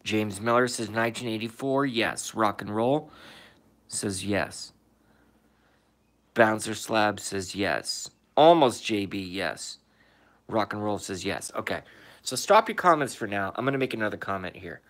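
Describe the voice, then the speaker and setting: Low-voiced man ranting on a livestream. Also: animated, unhurried, a bit bright. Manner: reads viewer comments aloud and answers them, swears, emphatic rhetorical questions. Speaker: livestream host reading chat. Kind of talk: casual livestream rant. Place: indoors, in his room.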